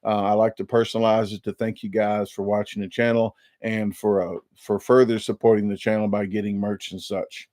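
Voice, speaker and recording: A man's voice: on the low side, little pitch movement, a little fast, few pauses, a little mellow, dry recording, studio quality. A man, hosting a casual live-stream chat and rambling with many restarts and repeated words. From Illinois. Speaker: YouTube channel host.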